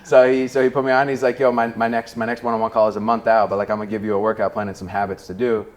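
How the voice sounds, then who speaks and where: A man's voice: lowish voice, flat delivery. A young man telling his story in casual chat, swearing freely and acting out what others said. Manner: fast, profane storytelling, acts out quotes. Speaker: coach and podcast guest.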